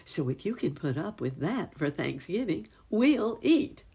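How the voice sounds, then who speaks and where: A woman's voice: fairly low pitch, sing-song, measured pace, warm tone, breathy edge, voice pushed up, exaggerated voice. A woman voicing a fretful muskrat lady housekeeper in a storybook reading. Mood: worried. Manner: fretful, apologetic.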